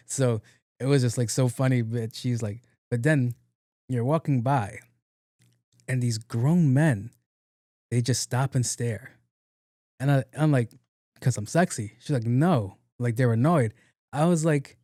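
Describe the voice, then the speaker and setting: Man, young adult, podcast host, joking storyteller, mellow warm voice, dry close sound. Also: medium pitch, normal speed, no room sound. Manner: joking storyteller, acts out both sides of conversations. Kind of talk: casual solo podcast monologue.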